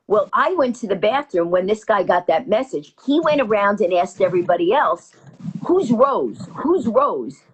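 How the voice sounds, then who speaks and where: A woman from New York telling stories as an interview guest, quickly acting out every quoted line. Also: medium pitch, animated, husky, rough recording. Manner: rapid anecdotal storytelling, acting out quotes. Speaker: interview guest, comedienne and author. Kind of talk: animated storytelling.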